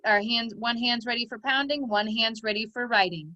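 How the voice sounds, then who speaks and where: A woman's voice: fairly high pitch, moderate pace, bright, forceful tone, no room sound. A woman teaching phonics, patiently dictating words and stretching out their sounds for young children. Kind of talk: slow, clear teaching dictation.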